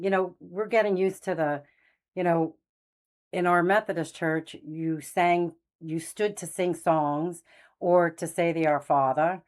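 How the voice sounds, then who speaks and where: Low-voiced middle-aged woman rambling earnestly through a faith story, lots of ums and restarts. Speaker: channel host telling faith stories. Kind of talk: casual testimony monologue.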